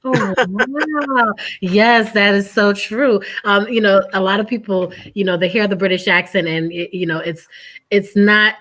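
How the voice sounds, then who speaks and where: A woman's voice: medium pitch, measured pace, a bit bright. A woman hosting an interview, enthusiastic and encouraging toward her guest. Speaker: interview host. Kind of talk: casual interview.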